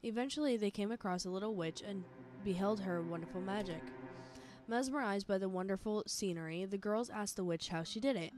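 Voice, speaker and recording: A woman's voice: mid-range voice, fairly quick, a little mellow, a little hiss or hum. A young woman playing a video game, reading its storybook text aloud with playful energy and muttering to herself as she works through a puzzle. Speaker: gaming let's player. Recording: game music playing underneath.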